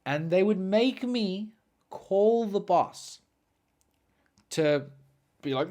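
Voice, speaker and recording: A young man hosting a podcast, telling stories in an animated, swearing, ranting way. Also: sits high, drawn-out words, long pauses. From South Africa. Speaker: podcast host. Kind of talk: storytelling monologue.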